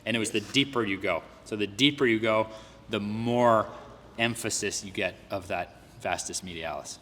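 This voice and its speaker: A man's voice: on the low side, normal speed, fairly bright tone, in a large hall, slight background noise. A man speaking as a podcast guest on knee training, earnest and building to heated emphasis in casual conversation.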